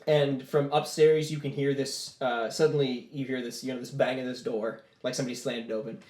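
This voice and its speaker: A man's voice: mid-range voice, steady tone, a little fast, a little mellow, echoey room. A man running a tabletop game as game master, narrating scenes in a rambling way and restarting his sentences.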